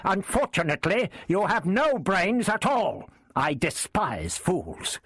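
A man's voice: sits high, sing-song, slow, fairly bright tone, breathy edge, no echo, clean studio sound, voice pushed up, full character voice. A man voicing a scholarly doctor who hates war and speaks in a mild but cutting way. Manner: mild and cutting, flaring into fury.

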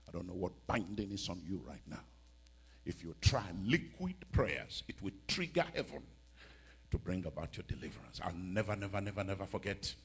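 A man preaching a sermon, swinging from hushed storytelling to loud emphatic cries and repeating lines for effect. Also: sits low, husky.

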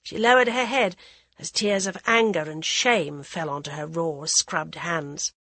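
A woman narrating a novel in a measured, even audiobook style. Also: low voice, no room sound.

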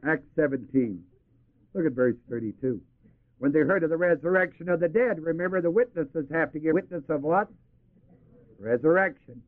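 Lively, high-voiced male preacher, tinny tape. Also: moderate pace. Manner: asks the audience to finish verses; chuckles often. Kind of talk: sermon.

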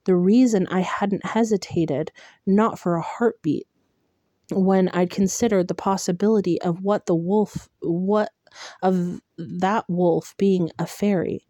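A woman reading a fantasy novel aloud in a measured audiobook narration. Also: on the low side, fairly even intonation, dry recording, clean studio sound. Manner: slow, measured, hushed at tense moments.

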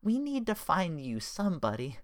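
Woman reading a chatty kind friend lady, a bit higher than her own voice, dry. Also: big pitch swings, moderate pace, no room sound. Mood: teasing. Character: warm talkative woman, old friend. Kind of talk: audiobook character voice.

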